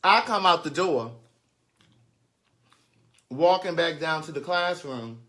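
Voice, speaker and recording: Animated bright-voiced man telling a story. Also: takes it slowly. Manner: acts out students' pleading voices, drops low for his stern replies. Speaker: storyteller recounting a teaching day.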